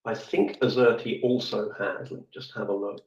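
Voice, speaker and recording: A man's voice: on the low side, little pitch movement, moderate pace, a little mellow. Rambling man on a dull lo-fi stream. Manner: rambling, self-correcting, with many fillers. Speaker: guest speaker, former office IT support. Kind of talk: casual chat in a live audio room. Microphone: computer or phone mic in a live audio room. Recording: dull lo-fi online audio-room stream.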